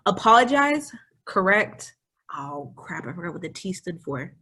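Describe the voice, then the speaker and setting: A young woman co-hosting a casual educational discussion, lively and laughing, acting out little scenes as she explains. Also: sits low, fairly quick, a little hiss or hum. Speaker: co-host.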